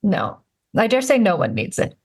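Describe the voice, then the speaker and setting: A woman's voice: mid-range voice, big pitch swings, normal speed, darkish tone, husky. A woman in her thirties, a life and career coach hosting a podcast, talking in a rambling, upbeat way and laughing often. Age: 30s. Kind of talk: chatty podcast talk. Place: recording remotely, not in the same room as her co-host.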